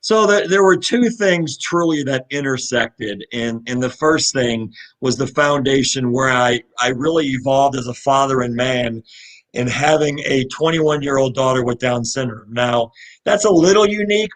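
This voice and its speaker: A middle-aged man from Louisville, Kentucky, tells his story as a guest in a live interview, earnest, heartfelt, and animated, restarting over and over. His voice is medium-pitched at a moderate pace, and the recording is low quality.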